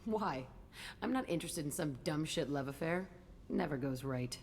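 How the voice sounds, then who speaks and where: Blunt, bitter young fighter. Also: female voice, low-pitched, lively intonation, moderate pace, darkish tone, big-room sound, slight background noise. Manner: blunt, curt and defiant. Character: hardened, bitter young woman fighter with a chip on her shoulder. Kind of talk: video game dialogue.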